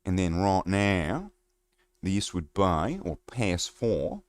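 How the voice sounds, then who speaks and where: A man putting on a mock Australian and New Zealand accent, talking in a slow, mumbled drawl. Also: mid-range voice, a little mellow, dry recording, close to an everyday voice. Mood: mock-earnest.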